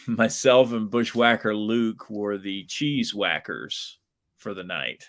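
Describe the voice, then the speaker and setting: Taking his time, a man who wrestles professionally spins a wild tale as a guest in a relaxed interview. His voice sits fairly low, and he's lively and talkative, using lots of fillers.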